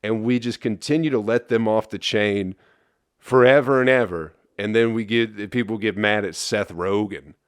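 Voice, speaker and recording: A man's voice: lowish voice, normal speed, smooth, no room sound, studio quality. A hungover man from Flint, Michigan, hosting his own podcast, ranting in a profane, exasperated ramble. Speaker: comedian podcast host. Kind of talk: solo rambling podcast rant.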